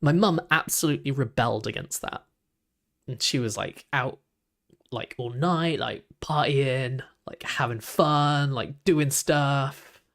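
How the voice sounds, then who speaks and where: A man's voice: medium pitch, takes it slowly, vocal fry, a bit bright. A young man, chatting casually while reacting to videos, rambling with lots of "like" and restarts.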